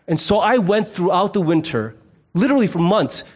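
High-voiced man preaching a lively sermon. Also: moderate pace, husky. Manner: animated storyteller who acts out quoted voices; conversational and humorous. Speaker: pastor.

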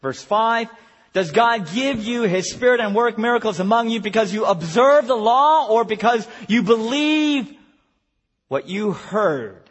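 Animated male pastor in reverberant hall. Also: sits high, a little slow. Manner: animated, swings from hushed to shouting. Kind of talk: retreat sermon.

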